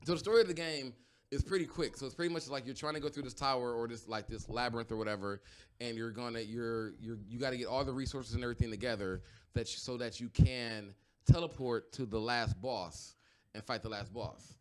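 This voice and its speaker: A man's voice: medium pitch, fairly even intonation, a little fast. A man co-hosting a podcast, chatting casually in a loose, rambling way with lots of fillers and restarts. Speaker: podcast co-host. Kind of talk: casual chat.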